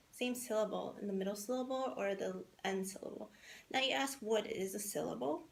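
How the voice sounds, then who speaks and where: Gravelly-voiced woman teaching a class. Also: fairly high pitch. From Southern California. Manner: chatty, many fillers, sings to class.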